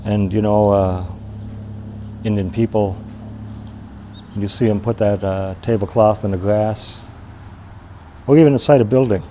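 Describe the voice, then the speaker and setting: A man from Wisconsin telling a traditional story in an unhurried, plain-spoken way, with pauses and restarts. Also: fairly low pitch, steady tone, mellow, a little hiss or hum.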